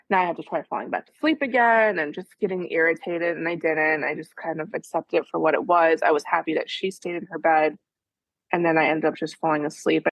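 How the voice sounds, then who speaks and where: A woman's voice: low voice, no room sound. A mother in a coaching session, recounting her week in a rambling, filler-heavy way. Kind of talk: casual chat.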